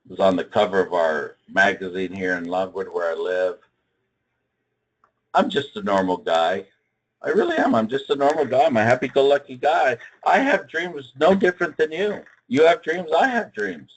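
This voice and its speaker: An older man speaking at a trading seminar, telling a personal story in a dramatic, emphatic way, with big swings in pitch and loudness. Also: moderate pace, poor audio.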